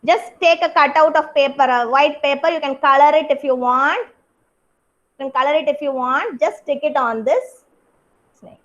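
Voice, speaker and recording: A woman's voice: sits high, moderate pace, a bit bright, lo-fi sound. A young woman with an Indian English accent, teaching a kindergarten craft class over a video call and praising each child by name. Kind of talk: online class instruction.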